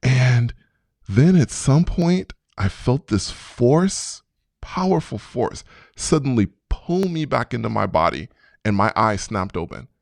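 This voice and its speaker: A man in his fifties, a podcast guest telling a personal story in an animated way and acting out his own past reactions. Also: medium pitch, slow pace, vocal fry, no room sound, studio quality. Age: 50s.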